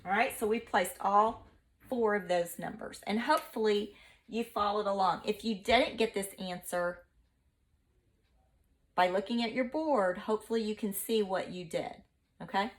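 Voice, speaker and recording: A woman teacher giving a recorded online math lesson in a lively, playful, chatty way. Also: mid-range voice, moderate pace.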